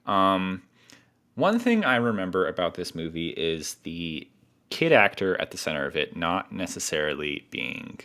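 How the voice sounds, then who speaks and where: A man's voice: deep voice, pushed and bright. A man co-hosting a casual film podcast, chatty, with lots of fillers and restarts. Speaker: podcast co-host.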